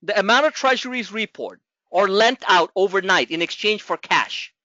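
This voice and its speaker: Animated high-voiced trading coach, man. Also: normal speed, no room sound, muffled recording. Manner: animated, rambling explanations with filler and restarts. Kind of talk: market coaching session.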